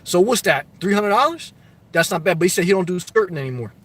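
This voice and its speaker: A man's voice: high-pitched, animated, quick pace. A middle-aged man hosting a live stream, reading viewer comments aloud and giving blunt, loose advice in casual chat full of fillers and restarts.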